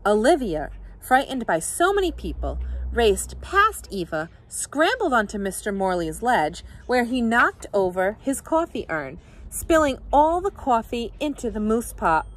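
A woman, a teacher, reading a children's picture book aloud with expressive, animated storytelling. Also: a little high, a little slow.

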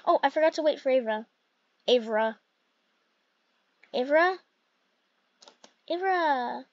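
A woman's voice: sits high, lively intonation, slow pace, no echo, dull audio. A woman hosting casual game commentary at home, chatty and rambling as she plays. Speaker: gaming channel host.

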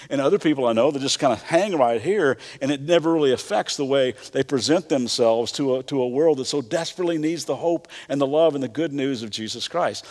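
Folksy Kentucky pastor preaching. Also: male voice, mid-range voice. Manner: folksy, conversational, frequent stammered restarts. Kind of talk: sermon. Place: church auditorium. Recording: church hall reverb.

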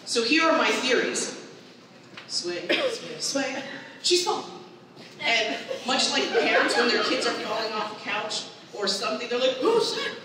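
Casting: woman stand-up comic, slightly high voice, lively storyteller, live in an echoey hall, heard from a distance. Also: normal speed. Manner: animated storytelling, acts out her mother's voice. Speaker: stand-up comedian. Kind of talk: stand-up comedy set. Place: comedy event hall with live audience. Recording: echoey hall, far from mic, audible room noise.

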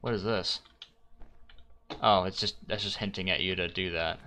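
A man's voice: sits low, fairly even intonation, moderate pace, bright, forceful tone, a little hiss or hum. A young man giving blind let's play commentary, frustrated, swearing and talking to the game as he solves puzzles. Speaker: gaming YouTuber.

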